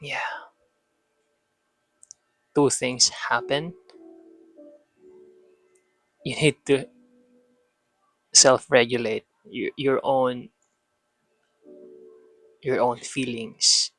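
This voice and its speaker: A man who speaks to his son as a father, calmly giving parenting advice in an instructive, repetitive manner. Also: mid-range voice, very slow, long pauses, faint music behind. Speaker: parenting vlogger addressing a son. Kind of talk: advice monologue.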